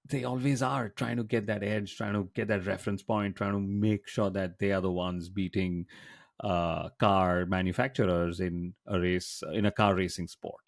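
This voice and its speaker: A man's voice: deep voice, vocal fry, no room sound, clean studio sound. A man hosting a podcast, telling stories with a playful, joking manner. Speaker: podcast host. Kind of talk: casual podcast chat.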